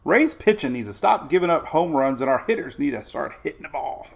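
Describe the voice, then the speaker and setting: Gravelly-voiced man hosting weather livestream. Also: a little high, brisk. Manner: energetic, rambling, greets viewers by name. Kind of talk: casual livestream chat.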